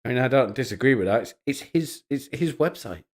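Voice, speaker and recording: A man's voice: mid-range voice, lively intonation, fairly quick. A young man hosting a live stream, mocking and swearing as he comments on social media posts, laughing often. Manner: mocking, profane, frequent laughter.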